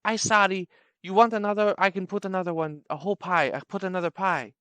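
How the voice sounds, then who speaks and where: A man voicing an apologetic woman pizza cook, speaking in hurried phrases. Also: high-pitched, fairly even intonation, pushed and bright, clean tone, dry recording.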